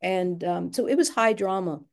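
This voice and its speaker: In this personal storytelling interview, an older woman reflects on her family's history, speaking frankly and in her own words. Her voice sits on the low side and is creaky, and she talks at a moderate pace.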